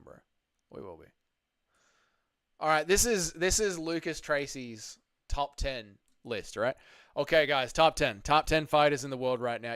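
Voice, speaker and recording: A man's voice: medium pitch, fairly bright tone, smooth, no echo, studio quality. A man hosting a casual livestream, chatting loosely with his viewers and swearing freely. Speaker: livestream host.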